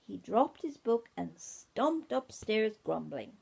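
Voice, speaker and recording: Older grandmother reading slowly, gravelly voice. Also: medium pitch, big pitch swings. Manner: gentle, asks the children questions, often drops to a whisper. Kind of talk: bedtime story reading. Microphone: iPad mini.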